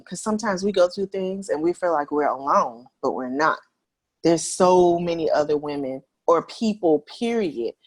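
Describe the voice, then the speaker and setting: A woman from South Carolina, a podcast guest telling her story in an earnest, reflective way. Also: on the low side. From South Carolina, USA. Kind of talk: interview storytelling.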